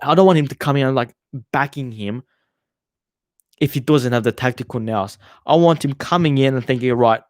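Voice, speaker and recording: Here a young football channel host chats through viewer comments on a casual livestream, swearing freely and letting sentences trail away. His medium-pitched voice comes across dry and clean, like a studio recording.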